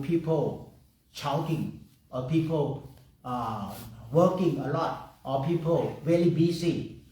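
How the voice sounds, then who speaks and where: A man's voice: medium pitch, a little mellow. A man teaching a guided meditation in simple, broken English, laughing often and repeating phrases in a meditation room. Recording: echoey room, far from the mic.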